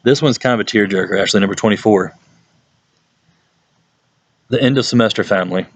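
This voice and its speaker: Young man, youth pastor, lively storytelling, low voice, dry close sound. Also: a little fast, no room sound, lo-fi sound. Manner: animated storytelling, laughs often, puts on voices for people he quotes. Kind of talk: casual talk to a youth group.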